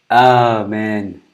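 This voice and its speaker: A man hosting a casual news commentary show, rambling loosely and breaking into laughter often. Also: mid-range voice. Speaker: show host.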